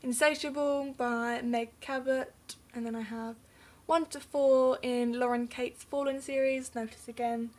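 A woman's voice: high-pitched, steady tone, unhurried, hardly any pauses, darkish tone. A young English woman talking casually through her bookcase, rambling and unsure, often trailing off into mumbles. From England. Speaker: book vlogger.

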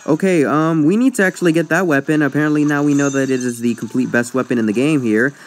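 A man's voice: on the high side, quick pace. A young man commenting casually on his online match, rambling and sidetracked, joking at his own expense. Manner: rambling, self-mocking, easily sidetracked. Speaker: gaming YouTuber. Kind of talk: casual let's-play commentary.

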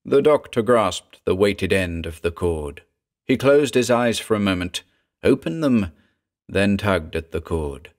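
Deep, slow horror story narrator, man. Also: expressive. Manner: measured, grave storytelling.

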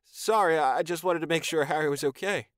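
A man's voice: on the high side, fairly quick, a bit bright, no room sound, studio quality, pitched above the performer's own voice, close to an everyday voice. A man narrating an audiobook, voicing an anxious young man who is eager to please, in a raised, earnest voice. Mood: flustered. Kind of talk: audiobook character voice.

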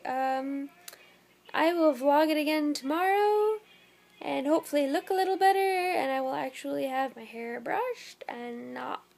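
A woman's voice: sits high, gravelly, a little mellow. A young woman vlogging at home at night, very tired and yawning, rambling in a scattered way. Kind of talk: casual vlog to camera.

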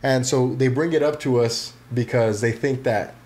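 A man's voice: medium pitch, moderate pace, darkish tone. A man chatting casually on a podcast, laid-back and joking. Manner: laid-back, joking, laughs at his own lines. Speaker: podcast co-host.

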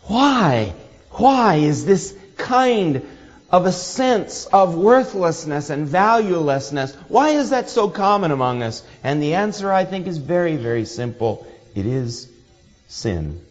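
Expressive male preacher in a hall. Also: on the high side, takes it slowly. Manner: expressive, acts out quoted voices with laughter. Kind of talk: sermon. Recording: dull hall reverb.

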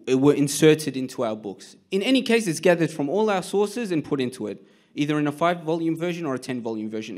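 A man's voice: mid-range voice, a little mellow. A man with an Australian accent giving an earnest sermon to a congregation, retelling an old narration with quoted dialogue and addressing the listeners directly. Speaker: speaker giving a nightly religious talk. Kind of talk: sermon-style storytelling talk.

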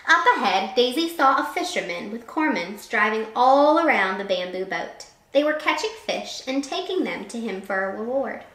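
Woman reading picture book aloud, lively pitch, bright tone, echoey room. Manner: expressive, animated storytelling. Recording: roomy echo.

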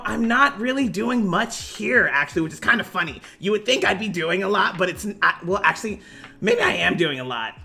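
A man doing Doctor Talasha Sagefall, bright gravelly professor lady. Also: high-pitched, voice pushed up, exaggerated voice. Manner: formal greeting mixed with casual profane asides. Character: female professor, formal and self-assured. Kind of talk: in-character voice on a live stream.

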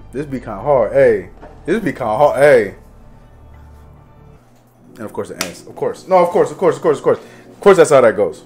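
A man's voice: fairly low pitch, darkish tone. A young man livestreaming, casually greeting chat viewers by name and repeating his phrases, in a home streaming setup.

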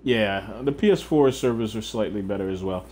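A man's voice: on the low side, moderate pace, darkish tone, a little hiss or hum. A young man livestreaming a video game, chatting casually and profanely while answering viewers. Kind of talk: casual gameplay chat.

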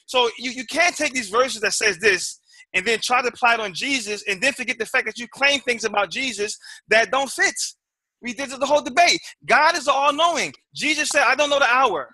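A man's voice: extremely high pitch, expressive, brisk, sharp tone, dry recording, studio quality. A man giving a timed debate rebuttal, emphatic and full of rhetorical questions, often repeating words as he presses his point.

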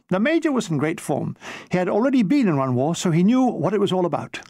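A man's voice: sits high, sing-song, fairly quick, no echo. A man reading his own war memoir aloud in a dry, wry, comic storytelling manner.

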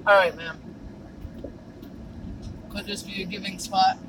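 A woman's voice: mid-range voice, steady tone, unhurried, background noise. A woman vlogging in a car and at dumpsters, chatting casually and telling a story in fits of giggles. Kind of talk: casual vlog chat.

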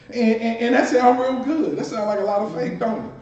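A man's voice: very high voice, fairly quick, few pauses, a little mellow. A male minister preaching a conversational sermon with playful asides and repeated words, accented from Washington D.C. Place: church sanctuary. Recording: distant, roomy, dull church recording with faint hiss.

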